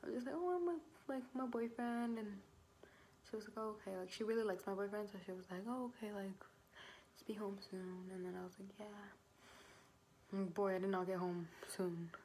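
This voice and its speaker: A woman's voice: mid-range voice, steady tone, brisk, darkish tone. Young woman, storytime vlog, casual, swears a lot, says "like" constantly, quotes herself, faint background hiss. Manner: casual, swears often, fills with "like"; acts out her own past quotes. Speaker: vlogger.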